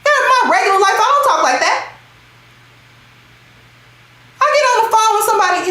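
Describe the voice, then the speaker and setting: Woman streamer, very high and lively voice, loud and emphatic, slangy, in an echoey room. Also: normal speed, pauses often, slight background noise. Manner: reads out and thanks chat commenters. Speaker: livestream host. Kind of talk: loud emphatic livestream commentary.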